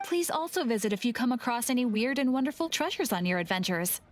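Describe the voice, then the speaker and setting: A woman's voice: fairly high pitch, sing-song, fast, faint music behind, pitched above the performer's own voice. A woman voicing an eccentric, cryptic female collector in a fan-dub over gameplay. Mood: coy. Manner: coy, teasing, mysterious.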